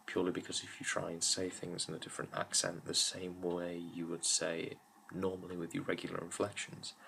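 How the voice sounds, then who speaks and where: Low gravelly young man reviewing films. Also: bright, forceful tone, slight background noise, rough recording. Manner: rambling, many fillers and restarts. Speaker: YouTube film reviewer. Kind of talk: casual film review talk.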